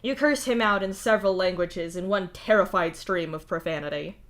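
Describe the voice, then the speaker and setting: A woman reading fan fiction aloud in a steady, wry second-person narration. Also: on the low side, normal speed, few pauses. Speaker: fanfic reader.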